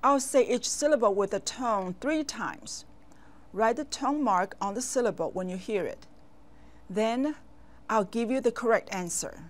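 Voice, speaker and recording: A woman teaching as a language instructor, speaking in a slow, deliberate instructional manner with clear, careful enunciation and long pauses. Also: a little high. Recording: voice over soft background music.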